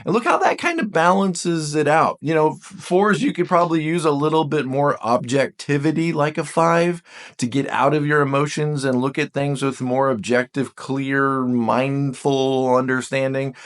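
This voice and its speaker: A man with a medium-pitched voice teaches a casual spoken lesson on the Enneagram at a moderate pace. Animated, he talks straight to the viewer and reads passages from a book aloud, adding his own comments.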